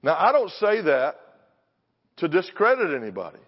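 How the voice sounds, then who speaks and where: Brief: older male preacher, fairly high voice, punchy sermon delivery, long hall reverb. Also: wildly swooping pitch, moderate pace, slightly rough, lo-fi sound. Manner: punchy, alliterative, confrontational preaching. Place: church sanctuary.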